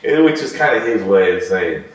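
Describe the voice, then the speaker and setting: Deep-voiced man, echoey and distant. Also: lively intonation. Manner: measured, slows down when reflecting. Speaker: guest, former military interrogator. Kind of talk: conversational storytelling. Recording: echoey room, voice far from mic.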